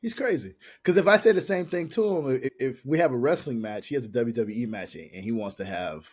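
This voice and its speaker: A man's voice: medium pitch, lively intonation, a little fast, a little mellow. A man co-hosting a podcast, chatting casually in a rambling, slangy way and often repeating himself. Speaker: podcast co-host. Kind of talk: casual chat.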